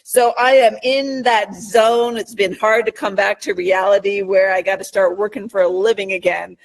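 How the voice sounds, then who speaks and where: A woman's voice: medium pitch, moderate pace. Chatty middle-aged American woman co-host. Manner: relaxed, chatty, many fillers. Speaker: podcast co-host. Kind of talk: casual political chat.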